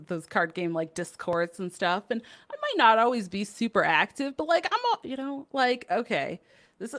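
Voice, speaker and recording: A woman with a bright, forceful, mid-range voice co-hosts a card game podcast in casual chat. She's upbeat and chatty, laughing often and using many fillers.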